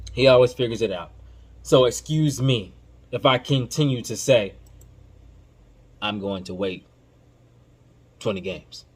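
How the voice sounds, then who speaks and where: A man hosting a podcast, giving casual basketball commentary in an emphatic, informal, slang-heavy way that swings between loud outbursts and low muttering. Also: breathy edge. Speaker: podcast host.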